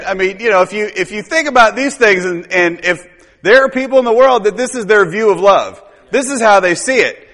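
A man's voice: high voice, normal speed, a bit bright. A man preaching a sermon in a conversational, rambling way, tossing in tag questions and chuckles. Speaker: pastor. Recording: long hall reverb.

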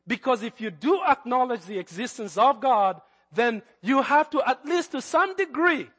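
A man's voice: sits high, a bit bright, big-room sound. A man with a Kenyan accent preaching a sermon as pastor, with hesitant fillers that build to fervent emphasis.

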